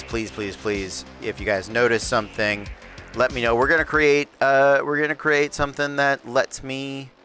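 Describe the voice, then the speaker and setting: A medium-pitched man hosts and game-masters a live PvP league tabletop game stream, reviewing the rules in a relaxed, rambling way full of fillers and restarts. He mentions that he has his announcer voice on, and faint music plays in the background.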